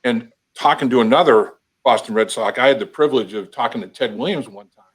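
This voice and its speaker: A man's voice: mid-range voice, brisk, breathy edge. A man hosting a casual sports interview, enthusiastic and folksy, with stammering repeats. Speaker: interview show host.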